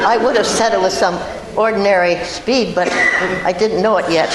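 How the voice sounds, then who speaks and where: An older woman spins chatty, laughing anecdotes to a crowd. Her voice carries through a big echoey hall with loud noise under it. She is relaxed and self-amused. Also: medium pitch, a little fast, hardly any pauses. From Iowa, USA. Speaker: guest actress at a film event. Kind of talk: storytelling to a live audience. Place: large hall before an audience.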